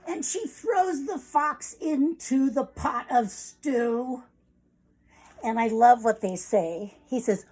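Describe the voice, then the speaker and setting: A woman reading a picture book aloud to children, animated and expressive. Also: fairly high pitch, unhurried, poor audio.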